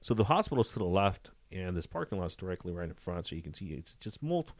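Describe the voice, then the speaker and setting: A man, a police detective, telling a story in a casual interview, animated and full of "you know" fillers. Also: sits low, quick pace, dry recording.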